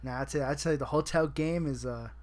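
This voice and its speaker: A man's voice: fairly high pitch, a little fast, a little mellow. A young man co-hosting a casual podcast chat, joking and profane, laughing often. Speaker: podcast co-host.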